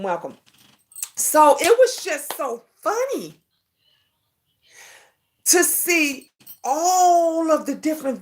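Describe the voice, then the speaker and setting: A woman hosts a casual livestream chat. She talks in a sassy, preachy way, calling her viewers honey and boo. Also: on the high side. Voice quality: lively, sing-song greetings. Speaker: livestream talk show host.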